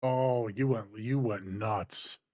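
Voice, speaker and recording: A man's voice: lowish voice, slow, darkish tone, no echo, studio quality. A man co-hosting a wrestling review podcast, recapping events steadily and answering his partner with short agreeing replies. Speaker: co-host of wrestling review show.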